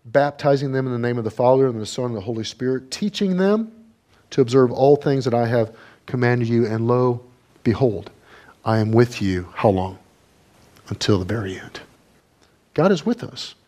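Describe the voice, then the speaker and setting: A man preaching with fervent intensity, pressing his listeners with repeated rhetorical questions. His voice sits at an ordinary middle pitch, rising and falling sharply between emphatic peaks and hushed, slowed lines. It is a sermon that ends in prayer.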